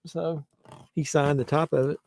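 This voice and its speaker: A man's voice: on the high side, level tone, normal speed, vocal fry, darkish tone, slight background noise. A man hosting a live movie watch-along, rambling conversationally with many fillers and restarts. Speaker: host.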